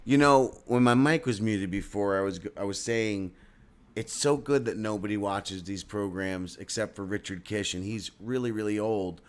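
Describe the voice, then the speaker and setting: Low male voice, sardonic co-host, teasing podcast banter. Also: normal speed. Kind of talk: casual podcast chat.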